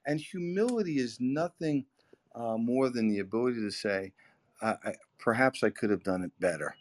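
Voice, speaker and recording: Talking sales at a moderate pace, a middle-aged man uses his mid-range voice in animated podcast conversation. He leans on emphasis and repetition, and his pitch keeps swinging up and down to underline what he's saying.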